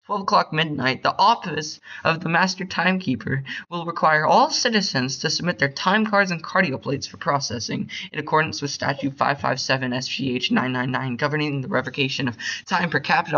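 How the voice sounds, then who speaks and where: A young man reading a short story aloud in a bored, hurried way, stumbling over words. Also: a little high, sharp tone, highs cut off. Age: young adult. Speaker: reader.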